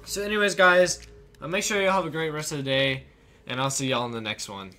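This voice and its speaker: A young man with a somewhat high voice tells a gaming story in a loose, rambling way, full of fillers and restarts. He talks as a channel host doing casual commentary. Clear music plays under his voice. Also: a little fast, bright, forceful tone. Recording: music playing behind.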